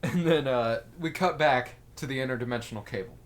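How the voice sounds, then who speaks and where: A man's voice: medium pitch, fairly quick. A young man co-hosting a casual podcast chat, animatedly retelling cartoon scenes and laughing often. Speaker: podcast co-host.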